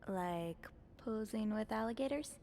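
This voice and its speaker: A woman's voice: fairly high pitch, expressive, a little slow, vocal fry, mellow, slight background noise. An actress voicing a curious, friendly young woman working at a hotel, with a teasing way of talking. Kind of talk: voiced game dialogue. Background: game music.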